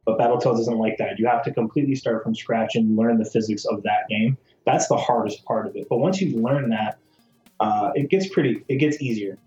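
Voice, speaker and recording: A man's voice: mid-range voice, a little fast, dark tone. Casual podcast guest, man from Michigan, rambling storyteller, roomy and muffled recording. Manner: storytelling with many fillers. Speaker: speedrunner guest. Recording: echoey, dull sound with faint music.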